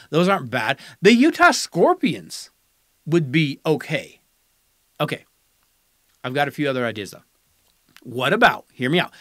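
A man's voice: on the high side, pushed and bright, no room sound, studio quality. A man hosting a podcast, giving casual, sarcastic and dismissive opinion commentary. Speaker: podcast host.

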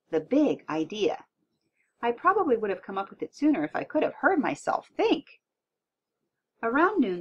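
A woman narrating a children's audiobook in a playful, expressive way, on a dull, lo-fi recording. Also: medium pitch, slight background noise.

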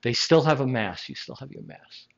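A science lecturer giving a classroom lecture, animated and emphatic, with rhetorical questions and jokes. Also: medium pitch, moderate pace, creaky, muffled recording.

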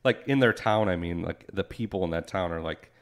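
A man's voice: low voice, brisk. A man co-hosting a podcast, chatting easily about a movie and often trailing off mid-thought. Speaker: podcast co-host. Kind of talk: casual movie review chat.

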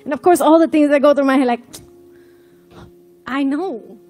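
Woman, high voice, animated testimony storyteller, faint music bed. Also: normal speed. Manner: animated storytelling, acts out quoted dialogue. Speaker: testimony speaker. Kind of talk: personal testimony.

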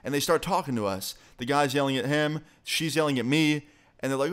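A man's voice: a little high, a little fast, fairly bright tone, clean tone. A man vlogger telling a story in a casual, conversational way with plenty of swearing. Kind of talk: storytime vlog.

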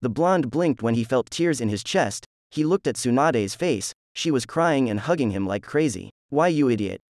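A man narrating a fan fiction story in a plain, steady reading voice with offhand asides. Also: mid-range voice, moderate pace, no echo, studio quality.

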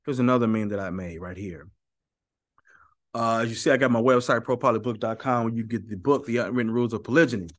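A man's voice: medium pitch, fast talker. A man giving an emphatic, argumentative teaching monologue on his channel, often repeating points for stress. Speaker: YouTube teacher.

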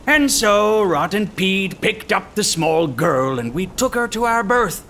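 A man narrating a comic short story in the first person as a gruff pirate, using pirate grammar with dry comic timing. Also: high-pitched, lively intonation, a little slow, pushed and bright, a little hiss or hum.

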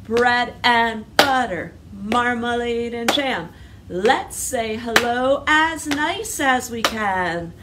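A woman's voice: on the high side, expressive, slow pace. A woman leading a children's library storytime, singing a hello song and coaxing the kids to answer. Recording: distant mic with clear background noise.

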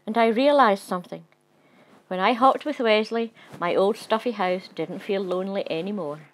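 A woman reads a children's story aloud, soft and playful, at a medium pitch. Her narration is gentle and unhurried in tone. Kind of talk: storybook reading.

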